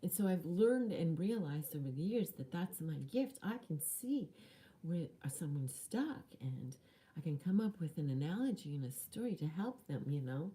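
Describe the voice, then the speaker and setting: Low, mellow-voiced woman telling a story. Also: normal speed. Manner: animated, drops into hushed whispery asides. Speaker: spiritual coach. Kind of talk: personal storytelling.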